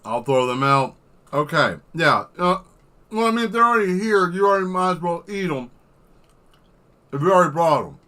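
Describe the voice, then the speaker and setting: Bright-voiced man ranting comically. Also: sits high, expressive, moderate pace, long pauses. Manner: rambling comic rants with exaggerated outbursts; swears freely. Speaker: artist streaming while drawing. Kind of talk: casual livestream chat.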